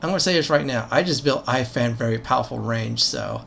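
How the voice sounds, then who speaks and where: A man's voice: mid-range voice, fairly quick, creaky, a bit bright, slight background noise. A man hosting a let's-play video, giving game commentary in a chatty, gleeful, rambling way. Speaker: gaming channel host.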